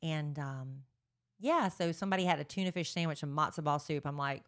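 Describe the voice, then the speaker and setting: Chatty woman co-host, low voice. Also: a little fast. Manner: chatty storytelling, teasing. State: worn out, recovering from a party. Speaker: podcast co-host. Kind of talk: casual chat.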